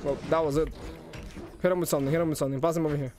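A man commentating his own fighting-game stream, excitable and swearing, yelling at big plays. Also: a little high, rapid-fire.

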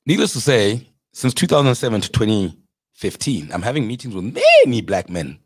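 A man from South Africa, a restaurateur, telling his story in a candid interview, animated and casual, acting out the people he quotes and swearing now and then. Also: mid-range voice, moderate pace, slightly rough, no room sound. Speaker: restaurateur guest.

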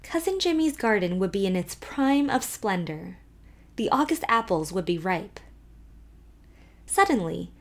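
Female audiobook narrator, steady expressive reading, middle pitch. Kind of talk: scripted narration.

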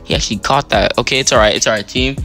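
A man giving excitable, slangy live commentary while playing an online football game, pleading with his teammates. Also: mid-range voice, very fast, soft background music. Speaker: gaming channel host.

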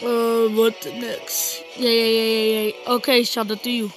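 A young gamer casually commenting on a strategy game she plays, rambling to herself and giving shout-outs to viewers. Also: mid-range voice, monotone, measured pace, soft background music, poor audio. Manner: rambling, talks to herself while playing. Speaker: gaming channel host.

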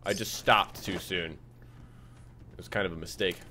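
A man's voice: low-pitched, measured pace, slight background noise. A young man streaming a game, casually chatting and reading out viewer messages with frequent fillers. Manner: relaxed, reads chat aloud, frequent fillers. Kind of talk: casual live-stream chat over gameplay.

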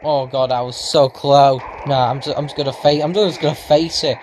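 A man commentating as he plays video games, panicking and yelling out reactions, with self-mocking asides. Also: medium pitch, fairly even intonation, moderate pace, noisy background. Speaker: gamer. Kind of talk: let's play commentary. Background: game music.

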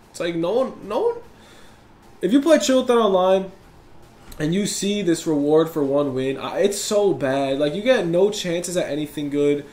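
Loud competitive young gamer guy. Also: a little high, roomy sound. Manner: competitive, yells and complains at opponent. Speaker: gaming YouTuber. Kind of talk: live gameplay commentary.

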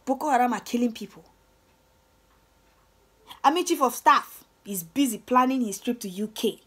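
A woman's voice: on the high side, lively intonation, normal speed, a bit bright, slight background noise. Scornful Nigerian woman ranting. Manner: scornful, repetitive, stammers with many "eh"s. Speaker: channel host. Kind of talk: ranting commentary vlog.

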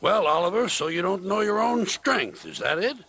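Man putting on a stern older railway boss, gravelly, animated storybook voice. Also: high voice, normal speed, pitched above the performer's own voice. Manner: stern, scolding.

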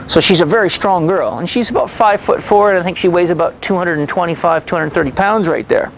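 A man giving a lecture, telling a story with confident, animated energy. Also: high-pitched, quick pace, a little hiss or hum, poor audio. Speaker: health and fitness lecturer.

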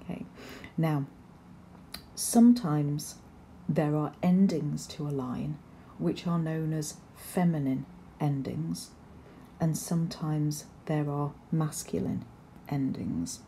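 Low-voiced woman teaching a poetry lesson. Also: slow pace, a little hiss or hum. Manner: explanatory, steady, with frequent ums and restarts. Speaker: English teacher. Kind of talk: recorded poetry lesson with slides.

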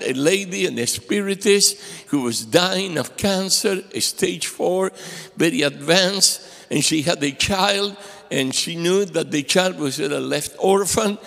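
An older man preaches to a congregation, his voice slightly high and gravelly. He tells stories with lively swings in pitch and acts out each character's lines. His voice rings with the long reverb of a church hall. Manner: animated storyteller acting out quoted dialogue. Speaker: guest preacher. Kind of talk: sermon with storytelling. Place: church sanctuary.

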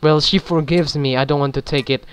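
A man's voice: on the high side, steady tone, a little fast, clean tone. A man casually commenting as he plays a story game, thinking aloud about which choice to pick. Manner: chatty, reacts aloud while thinking through choices. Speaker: gaming channel host.

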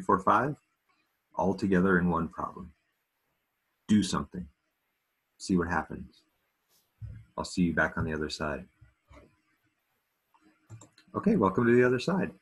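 Math teacher, male, very low and husky, relaxed lesson tone with joking asides. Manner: casual, self-deprecating asides. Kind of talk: recorded video lesson.

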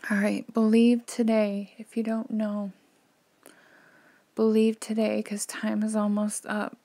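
A woman speaks slowly and earnestly, offering heartfelt devotional encouragement. Her voice has a gravelly, creaky edge and stays fairly level in pitch, gently pleading rather than preaching loudly. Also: monotone.

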